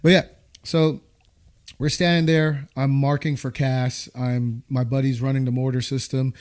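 Speaking at normal speed with a clean, medium-pitched tone, an American man in his thirties recounts a war story in a relaxed way. He's lively, performing the voices of the people he quotes.

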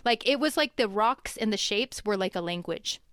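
Animated woman telling a wild story. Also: mid-range voice, normal speed, smooth, no echo, clean studio sound. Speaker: guest. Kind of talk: casual storytelling. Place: home.

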